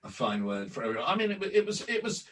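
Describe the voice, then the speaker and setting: An older man telling anecdotes in a relaxed interview, acting out remembered conversations with many restarts. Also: mid-range voice, quick pace. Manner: anecdotal, acts out quoted exchanges, frequent restarts. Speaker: interview guest, former club announcer and editor. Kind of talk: storytelling in a relaxed podcast interview. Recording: distant from the mic.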